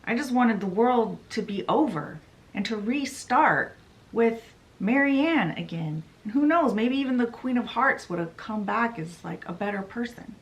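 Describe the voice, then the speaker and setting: A woman's voice: on the high side, lively intonation, moderate pace, lightly acted. A sad, weary male rabbit, as a woman puts him on in a book recap. It is spoken in her own light voice, with a little lift. The delivery is conversational, not theatrical. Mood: earnest. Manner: plain retelling voice.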